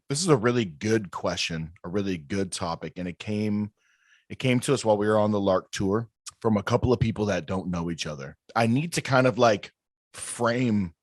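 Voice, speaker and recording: A man's voice: on the low side, dry recording, clean studio sound. A man co-hosting a podcast in casual, laid-back chat, saying dude and laughing. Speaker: podcast co-host.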